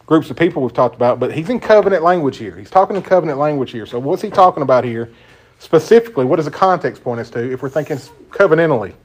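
Een man met een Zuidelijk Amerikaans die een informele Bijbelstudie leidt, praat en legt met nadruk uit en stelt zijn groep vragen. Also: on the high side. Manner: conversational, emphatic, asks the group questions. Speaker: Bible teacher. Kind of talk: informal Bible study teaching.

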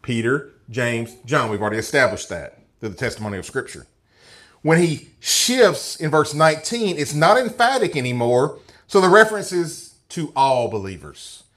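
Man, Bible teacher, expository teaching, animated pitch, reads verses, asks listeners "okay?". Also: normal speed. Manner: checks in with listeners, asking "okay?" and "right?"; reads scripture passages aloud.

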